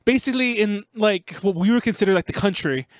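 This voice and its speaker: Casting: high-pitched man, podcast host, rambling and chatty, dry close mic. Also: fast, no echo. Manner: rambling storytelling, heavy use of "like". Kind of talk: casual podcast chat.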